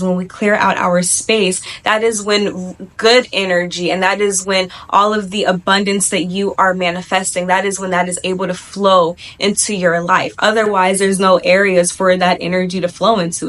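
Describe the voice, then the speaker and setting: A woman at a middle pitch talks through spiritual advice as a video host. Her delivery is chatty and reassuring in tone. She keeps checking in with "right?" and "okay?". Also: a bit bright. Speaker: spiritual YouTuber. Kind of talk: casual motivational talk to camera.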